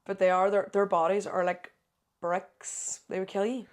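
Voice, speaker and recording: Lively Northern Irish woman telling stories. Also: mid-range voice, normal speed. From Northern Ireland. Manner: animated storyteller, swears to God, says aye and like a lot. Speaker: podcast guest, content creator. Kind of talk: casual chat.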